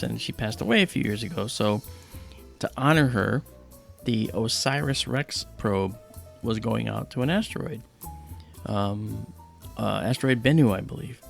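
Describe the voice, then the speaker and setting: Gravelly man telling a rambling story. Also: on the low side. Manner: rambling storyteller with many fillers. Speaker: livestream host. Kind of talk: casual livestream chat.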